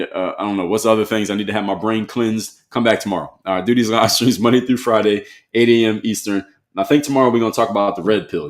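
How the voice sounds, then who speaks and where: A man's voice: lowish voice, quick pace, few pauses. Blunt man answering chat live. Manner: blunt, conversational, argues back at comments. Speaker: live stream host. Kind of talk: solo live stream, reading and answering chat comments.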